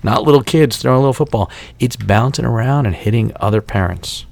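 Gravelly, swearing podcast host. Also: male voice, mid-range voice, brisk, a little mellow, dry recording. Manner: profane, exasperated storytelling. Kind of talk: casual podcast rant.

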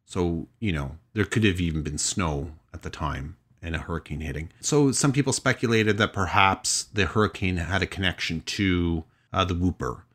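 A man's voice: sits low, normal speed, hardly any pauses, a bit bright. A man hosting a podcast, telling a story in casual chat and hedging thoughtfully, with frequent restarts. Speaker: podcast host.

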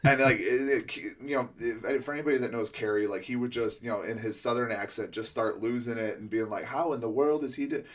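Man, host, low pitch, chatty, restarts a lot, casual interview. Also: fairly even intonation, fairly quick, few pauses, fairly bright tone. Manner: rambling, many restarts and fillers. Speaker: podcast host and throwing coach.

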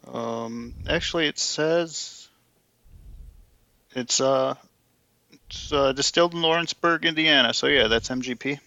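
A man's voice: medium pitch, measured pace, gravelly, pauses often, sharp tone, no echo. A man co-hosting a casual podcast over drinks, making dry jokes with hesitant fillers. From Tennessee. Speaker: podcast co-host. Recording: dull lo-fi sound.

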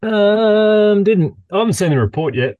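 A man's voice: high-pitched, expressive, a little slow, no echo, muffled recording. An Australian man co-hosting a casual sports podcast, laid-back and casually swearing. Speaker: podcast co-host. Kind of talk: casual chat.

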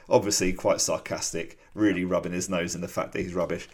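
A man with a low, deep voice, talking in a loose, rambling way full of ums and small laughs. He co-hosts a casual podcast chat. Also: flat delivery, moderate pace. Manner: chatty and rambling, with many fillers and laughs. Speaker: podcast co-host.

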